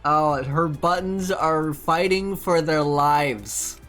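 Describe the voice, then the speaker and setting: A streamer giving excitable, gushing commentary on a game playthrough, laughing often. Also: medium pitch, takes it slowly, soft background music.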